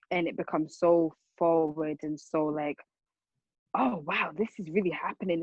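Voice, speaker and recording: Young woman, low voice, earnest and repetitive, dull dry recording. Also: dry recording. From Rwanda. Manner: earnest, circles back with repeated words and fillers. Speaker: speaker on racism. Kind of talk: personal account, casual talk.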